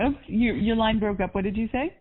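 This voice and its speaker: A woman's voice: on the high side, fairly quick, a little hiss or hum. Upbeat woman coach over a phone line. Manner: upbeat, encouraging, spiritual. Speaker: life coach. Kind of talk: coaching call. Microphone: phone or call line. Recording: tinny phone-line audio.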